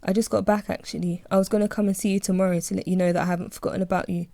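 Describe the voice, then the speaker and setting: A woman's voice: medium pitch, little pitch movement, very fast, gravelly, dark tone, dry recording, lightly acted. A woman voicing a friendly, polite young man in an audiobook. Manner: easygoing, polite. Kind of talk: audiobook reading.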